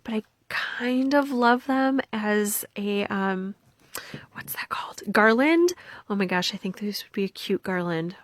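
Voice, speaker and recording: A young woman chatting through a craft vlog, slow and unhurried yet excitable, sliding from soft whispers into high squeals. Her voice sits a little high and sounds close and dry, with no room around it. She gushes over every item she shows. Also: no room sound. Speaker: vlogger. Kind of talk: casual vlog, showing crafts.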